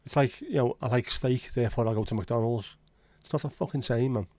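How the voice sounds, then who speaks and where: A man's voice: medium pitch, brisk, dark tone, dry recording. Blunt Scouse man in casual chat. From Liverpool, England. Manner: blunt, sweary banter. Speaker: livestream host. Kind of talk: casual chat reading live comments.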